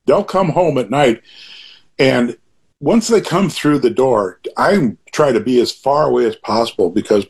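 Husky-voiced older man, rambling and emphatic. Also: medium pitch, animated, unhurried. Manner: rambling, with frequent asides and restarts; emphatic and opinionated. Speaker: interview guest. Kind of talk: casual conversational interview.

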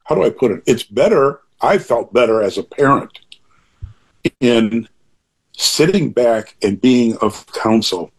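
Older man, husky voice, lively intonation, rambling, earnest, restarts often. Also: medium pitch, a little slow. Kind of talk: reflective conversation.

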